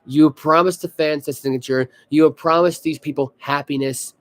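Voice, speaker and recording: A man co-hosting a casual sports podcast, ranting with animated energy and stumbling as he reads news aloud. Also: a little high, normal speed. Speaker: podcast co-host.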